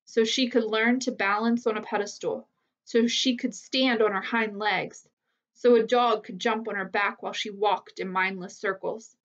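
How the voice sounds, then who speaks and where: A woman's voice: medium pitch, fairly even intonation, normal speed, natural voice. A woman doing a tired, motherly old elephant. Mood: weary. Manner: soft, weary and motherly. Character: older female elephant, tired and caring. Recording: slightly muffled lo-fi recording.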